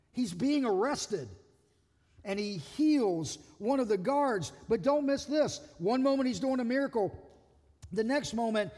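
High-voiced pastor preaching in a reverberant hall. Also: male voice. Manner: animated, acts out quoted voices, repeats words. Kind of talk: sermon.

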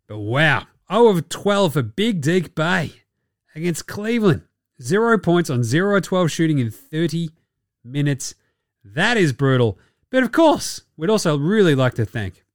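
An Australian man hosts a sports podcast in a loose, mocking rant and swears freely. His voice sits fairly high and swings widely in pitch. The sound is close and dry, with no room around it. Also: dry recording.

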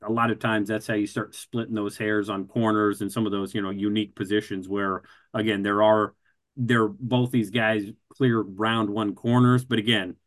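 A man co-hosting a casual football draft talk, measured and methodical, leaning on a habitual filler word. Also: on the low side, level tone. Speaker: football draft analyst co-host.

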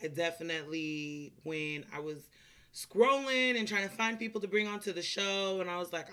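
A woman hosting a podcast over a video call, chatty and excitable, laughing often as she talks. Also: sits low, moderate pace, clean tone. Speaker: podcast host. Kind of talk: casual interview chat.

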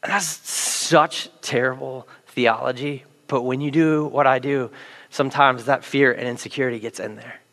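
A man who is a pastor, preaching a sermon with animated, self-deprecating storytelling. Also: mid-range voice, normal speed, big-room sound. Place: large church auditorium.

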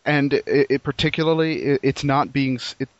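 A man's voice: medium pitch, moderate pace, no room sound. A man hosting a games podcast discussion, earnest and questioning, laughing often. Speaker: podcast host. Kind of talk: casual roundtable discussion. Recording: dry dull lo-fi podcast audio.

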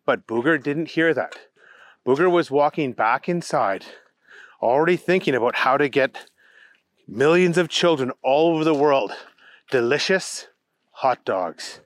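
A man reading a silly story aloud as a playful narrator, slowing down for comic emphasis. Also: a little high, no echo.

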